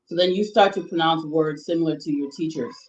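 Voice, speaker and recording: A woman's voice: low-pitched, a little fast, darkish tone. A woman explaining history at length in conversation, thoughtful and full of restarts. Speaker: guest presenter on history. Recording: roomy, slightly dull sound.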